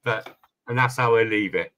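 Animated British man, tense bright voice. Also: on the low side, moderate pace. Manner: animated storytelling, swears freely. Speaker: streamer host. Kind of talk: casual chat on a live stream.

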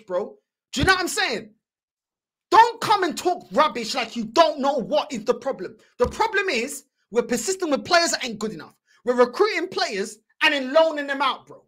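A man's voice: very high voice, pushed and bright. A man with a London accent hosting a football fan channel, angrily ranting and repeatedly calling people "bro". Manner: angry, ranting, repetitive "bro". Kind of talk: heated fan reaction rant.

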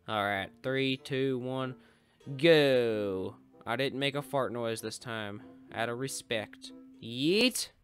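A man narrating a racing game in a bright, lively voice that leaps up into frantic yells when he loses ground. His tone is smooth and clear, and he slips in silly made-up chants, with faint game music behind him. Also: mid-range voice. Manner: goofy, yells in frustration, makes up nonsense rhymes. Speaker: gaming channel host. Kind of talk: playthrough commentary.

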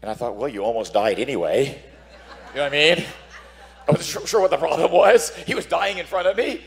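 A man's voice: high voice, sing-song, fast, vocal fry. A man who is a priest, preaching a dramatic sermon, telling stories and acting out voices while asking "Amen?".

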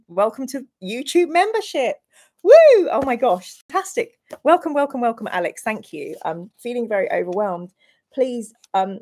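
A woman hosting a live-stream playthrough of a gamebook. She reads the room descriptions aloud and chats with viewers in a bubbly, self-deprecating way, with bursts of excited squeals. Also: fairly high pitch.

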